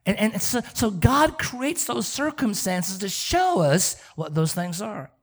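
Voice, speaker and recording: A man's voice: high voice, slow pace. A middle-aged man preaching a sermon as pastor, repeating words as he talks and asking the congregation rhetorical questions. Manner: animated, stammering repetitions, rhetorical questions.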